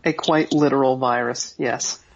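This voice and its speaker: A man with a cold, co-hosting a podcast over an internet call with dry, deadpan quips. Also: medium pitch, unhurried. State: has a cold. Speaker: podcast co-host. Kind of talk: casual chat. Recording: dull internet call audio.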